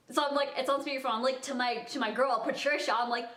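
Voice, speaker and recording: A woman's voice: sits high, fairly even intonation, fast talker, sharp tone. A young woman telling a personal story to camera in a chatty, casual way, filling her talk with "like" and acting out the dialogue. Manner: chatty, heavy use of "like", acts out dialogue. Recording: echoey room.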